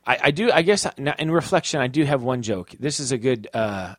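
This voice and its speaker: A man's voice: medium pitch, expressive, brisk, a bit bright, dry recording. Guy bantering and retelling jokes, keeps restarting, dry close sound. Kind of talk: casual chat.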